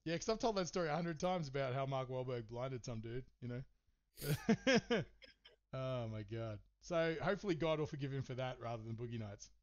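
A man's voice: mid-range voice, expressive, moderate pace. A man hosting a podcast, telling a story in casual chat, swearing and rambling with lots of fillers. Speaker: podcast host. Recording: slightly dull, muffled sound.

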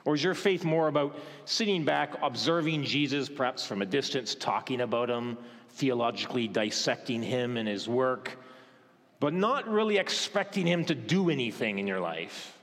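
Male pastor, mid-pitched, preaching with questions and hushed asides, long church reverb. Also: expressive. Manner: questioning, dramatic pauses, softens to a hush for gentle moments. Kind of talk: sermon.

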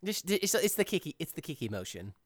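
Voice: mid-range voice, very animated, fast, no room sound, clean studio sound. A podcast host who edits the show, chatting casually in long, reflective run-on thoughts. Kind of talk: casual chat.

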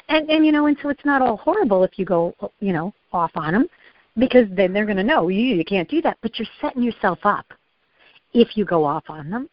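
A woman's voice: mid-range voice, expressive, a little fast, no echo, muffled recording. A middle-aged woman therapist talking earnestly in a podcast interview, with frequent ums and acted-out quotes. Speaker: therapist and guest.

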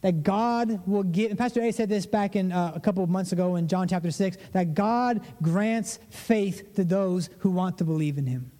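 A man's voice: moderate pace, few pauses, dark tone, in a large hall. A man preaching a conversational sermon as a pastor, acting out prayers in a lifted voice. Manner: conversational preaching, acts out prayers with rising pitch.

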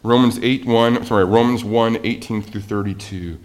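A man preaching a sermon as a pastor, animated, with rhetorical questions and swings from loud emphasis to quiet asides. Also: lowish voice, normal speed.

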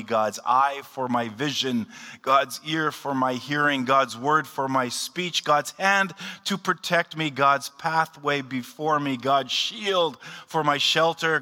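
A man speaking as a pastor, giving a sermon and calmly leading his congregation in a recited prayer. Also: medium pitch. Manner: calm, unhurried, leads a recited prayer. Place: church hall. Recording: long hall reverb.

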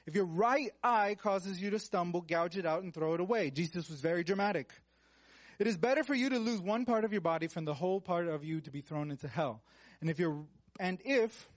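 A man's voice: high-pitched, dry recording. A man preaching a conversational sermon, reading Bible verses aloud and breaking off for casual, joking asides.

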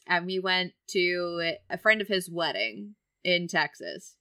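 A woman's voice: medium pitch, bright, forceful tone, clean tone. A woman in her thirties co-hosting a podcast, talking candidly in a casual film-review chat and often laughing while she tells stories. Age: 30s. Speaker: podcast co-host.

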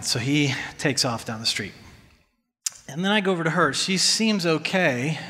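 A man's voice: a little high, sharp tone. A man earnestly telling a personal story in a casual, conversational way, acting out what he and others said. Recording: long hall reverb.

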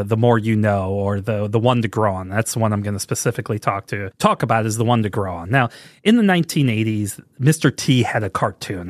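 A man's voice: on the low side, no echo. A man hosting a podcast, ranting sarcastically and laughing with exasperation. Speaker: podcast host. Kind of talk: casual comedic commentary.

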